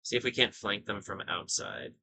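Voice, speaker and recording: A man giving casual commentary over his own gameplay, thinking aloud as he goes. His voice sits low but rings bright and forceful. He drifts into rambling asides and corrects himself along the way. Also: big pitch swings, moderate pace, vocal fry, husky, low-quality recording. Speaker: gaming video host.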